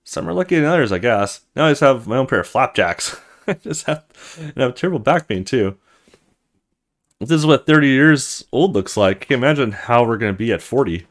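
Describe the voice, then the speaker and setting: A man's voice: medium pitch, lively intonation, a little fast, close to an everyday voice. A man doing a rueful, worn-out thirty-year-old woman. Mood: sardonic. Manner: rueful, sardonic, self-pitying. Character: weary 30-year-old woman, her own future self.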